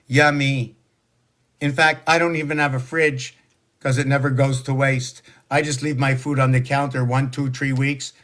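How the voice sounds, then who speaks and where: A man in his sixties delivers a meandering spoken monologue, drifting from topic to topic. His voice sits at an everyday middle pitch. He leans on rhetorical questions and a preachy, lecturing tone. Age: 60s. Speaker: social media monologuist.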